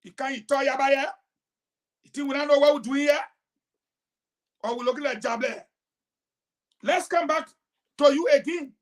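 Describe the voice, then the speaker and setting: A woman giving heated political commentary on a talk show, emphatic and combative, swinging between loud outbursts and quiet asides. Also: high-pitched, steady tone, moderate pace, pauses often.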